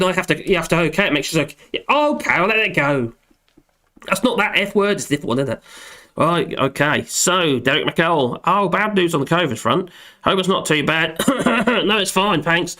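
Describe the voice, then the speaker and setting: Middle-aged male streamer, high voice with a bouncy, lively delivery, jokey and self-deprecating. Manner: rambling, jokey, self-deprecating, chuckles often. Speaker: live stream host reading chat. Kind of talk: casual live stream chat.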